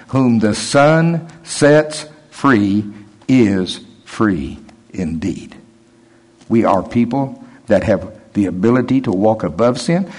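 Husky older guy preaching, chatty and emphatic, goes low and quiet on the quotes. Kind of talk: sermon.

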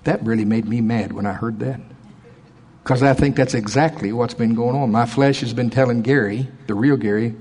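A man preaching a sermon in church, swinging between loud emphatic lines and quiet asides. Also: medium pitch, moderate pace, breathy edge.

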